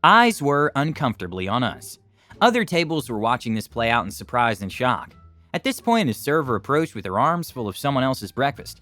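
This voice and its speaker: Animated male story narrator. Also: medium pitch, normal speed, no room sound, faint music behind. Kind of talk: scripted narration of online stories.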